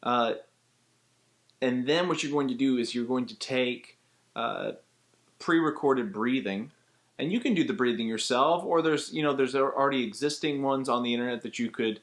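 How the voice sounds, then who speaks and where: A man who works as a voice actor, giving a casual spoken tutorial and explaining voice technique step by step in a chatty, relaxed way. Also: medium pitch, moderate pace.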